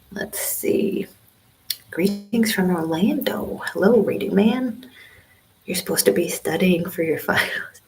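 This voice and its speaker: A woman over fifty talks in a hushed whisper on a casual livestream, rambling and chatty. Her low voice stays soft because she is speaking from a small library study room with people on either side. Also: lively intonation, a little slow, slight background noise, rough recording. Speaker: vlogger doing a livestream.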